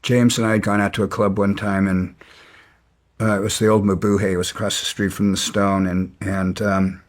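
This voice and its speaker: A middle-aged man recounting his past in an interview, halting with frequent restarts. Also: fairly low pitch, level tone. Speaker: guest. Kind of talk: storytelling interview.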